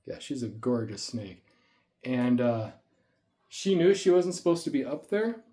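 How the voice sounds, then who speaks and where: Winded man chatting with a mellow voice. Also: medium pitch, animated, a little slow. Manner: rambling, chatty, with fillers. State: winded after the gym. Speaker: snake keeper vlogger. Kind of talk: casual storytelling vlog. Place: indoors at home. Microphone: camera on a tripod.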